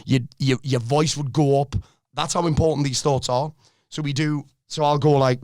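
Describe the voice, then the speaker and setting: A middle-aged man, a life coach on a podcast, talking in a blunt, energetic way and swearing freely. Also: a little high, brisk, dry recording, studio quality. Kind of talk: casual podcast conversation.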